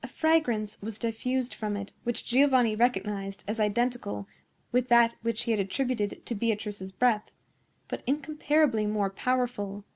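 A woman narrating a classic story in a measured, expressive reading. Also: a little high. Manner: measured, expressive reading of old-fashioned prose. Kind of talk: scripted narration.

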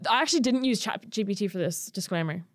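A woman's voice: medium pitch, fast, dry recording, studio quality. Chatty young woman podcast co-host. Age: 20s. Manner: chatty and animated, laughing often. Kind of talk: casual chat.

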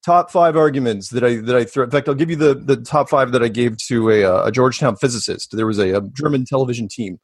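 A man with a husky, slightly rough voice, chatting as a podcast guest and wandering through asides and restarts. The sound is dry and close, with no room echo. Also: medium pitch, quick pace, hardly any pauses. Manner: rambling, animated, with frequent restarts and asides. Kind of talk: casual storytelling interview.

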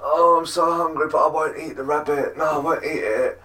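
A man's voice: fairly high pitch, brisk, pushed and bright, far from the mic, voice pushed up. A man quoting a hungry, stubborn young vegan woman in a plaintive, whiny tone.

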